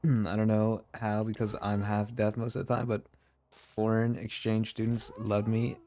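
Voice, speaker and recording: A man's voice: on the low side, completely flat delivery, normal speed, darkish tone, slight background noise. A man live-streaming a building game, chatting casually with his viewers and laughing often. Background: faint background music.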